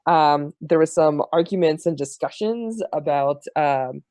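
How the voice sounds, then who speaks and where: A man serving as game master, recapping the last tabletop session in a halting, filler-heavy way. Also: on the high side, a little mellow, no echo.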